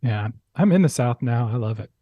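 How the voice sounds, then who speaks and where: A man's voice: mid-range voice, expressive, brisk, dry recording, phone-quality sound. A man co-hosting a casual talk show who reads viewer comments aloud and jokes easily. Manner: joking, easygoing. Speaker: co-host reading viewer comments. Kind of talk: casual chat.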